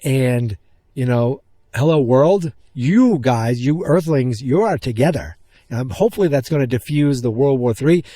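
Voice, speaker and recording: A man hosting a podcast, excitedly retelling a film's scenes in a rambling, casual way. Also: mid-range voice, unhurried, dry recording, clean studio sound. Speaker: podcast host. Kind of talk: casual movie recap.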